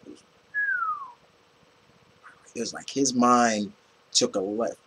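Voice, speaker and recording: A man giving a casual, rambling movie review, animated and full of restarts and fillers. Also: mid-range voice, slow, a little hiss or hum, rough recording.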